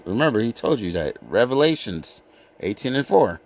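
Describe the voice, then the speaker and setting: A man giving an informal sermon, reading scripture slowly and with weight, then breaking into blunt, profane street talk. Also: mid-range voice, big pitch swings. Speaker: scripture teacher.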